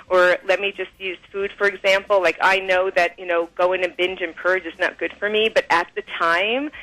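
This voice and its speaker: A woman guest on an interview show, explaining her ideas in a lively way, acting out quoted voices and laughing often, heard over a phone line. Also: mid-range voice. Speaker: author and guest. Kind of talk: interview, explaining and telling stories.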